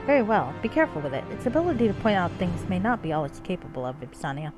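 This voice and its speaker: A woman voicing a calm, measured guide and healer from a fantasy game, explaining things in a composed way. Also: on the low side, over music. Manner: composed, explanatory, reads game dialogue aloud. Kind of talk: reading game dialogue on a live stream.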